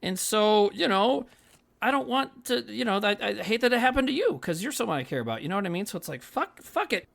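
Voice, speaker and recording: A man's voice: high-pitched, sing-song, brisk, gravelly, fairly bright tone. A man co-hosting a podcast in casual chat, earnest and profane, rambling with lots of fillers. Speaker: podcast co-host.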